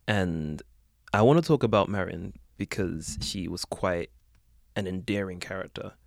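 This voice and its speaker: A man co-hosting a casual podcast chat. He speaks in a low-key, hesitant way and adds dry remarks. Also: unhurried, vocal fry, no room sound. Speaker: podcast co-host.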